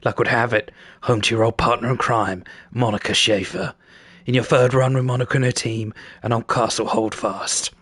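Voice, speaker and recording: A man voicing a gruff cyberpunk narrator, reading game text aloud. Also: mid-range voice, steady tone, normal speed, fairly bright tone, dry recording.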